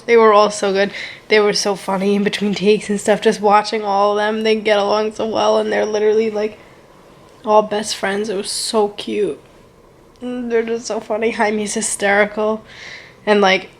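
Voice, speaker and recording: Gushing young woman with a flat voice. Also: medium pitch. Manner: gushing, rambling, heavy use of "like" and "so good". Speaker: vlogger. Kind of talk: casual storytime vlog.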